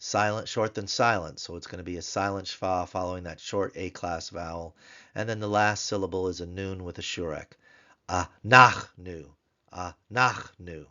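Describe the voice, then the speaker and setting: A man teaching a recorded grammar lesson, slowly repeating each word several times for drill. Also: low voice, fairly even intonation, a bit bright. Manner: slow, repeats words for drill. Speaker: language teacher. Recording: dull lo-fi sound.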